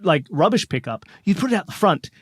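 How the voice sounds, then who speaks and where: A man jokes around as a panelist on a comedy podcast, bursting into silly bits. His voice sits high and bounces around. The sound is close and dry. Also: sing-song, brisk, husky, no room sound. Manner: playful, jokey, acts out voices.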